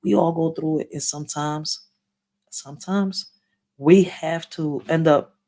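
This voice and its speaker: Low-pitched and warm, her steady voice moves a little slowly as she hosts a relaxed live story time. She speaks to her viewers without filter, using street slang, plenty of swearing, and repeated "yo" and "like".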